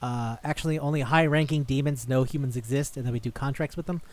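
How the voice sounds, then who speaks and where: A man's voice: medium pitch, fast talker, darkish tone, natural voice. A man voicing a rich old male demon who is a doting, pleading grandfather, retelling a manga scene. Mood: scheming. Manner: pleading, eager.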